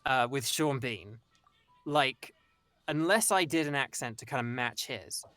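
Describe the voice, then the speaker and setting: A man's voice: mid-range voice, unhurried, fairly bright tone, dry recording, soft background music. A young man with a Northern English accent, chatting casually as a guest on a video call, rambling with lots of restarts and fillers. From England. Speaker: voice actor guest. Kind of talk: casual conversation.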